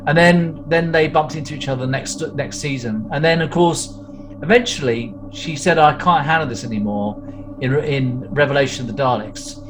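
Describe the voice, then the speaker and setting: A man's voice: on the high side, moderate pace, over music, rough recording. A man hosting a casual podcast chat, rambling through details with plenty of fillers. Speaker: podcast host. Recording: audible background noise.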